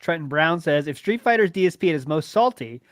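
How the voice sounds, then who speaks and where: A man's voice: a little high, expressive, brisk, no room sound. Man casually reading chat on a dry mic. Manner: reads chat tips, laughs easily, hedging. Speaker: host.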